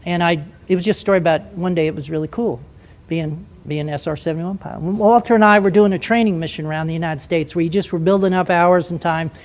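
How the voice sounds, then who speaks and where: Older man, ex-pilot, spins a story for an audience, lively and vivid. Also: on the high side, fast. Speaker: former jet pilot.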